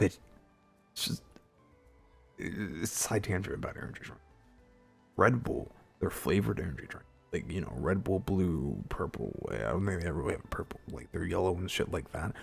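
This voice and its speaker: A man streamer ranting casually and heatedly with lots of swearing, jumping into high silly voices to mimic people. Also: creaky, a little mellow, husky. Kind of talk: casual rant on a live stream.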